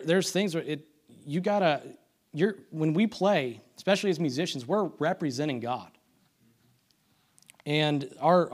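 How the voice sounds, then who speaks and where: A man giving a conversational sermon, full of restarts and self-deprecating asides, asking the congregation for amens. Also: a little high. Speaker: church speaker.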